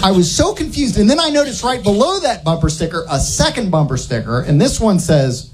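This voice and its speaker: A man doing a stand-up comedy set, telling a rambling absurd story in a deadpan way. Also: high-pitched, brisk, slight background noise.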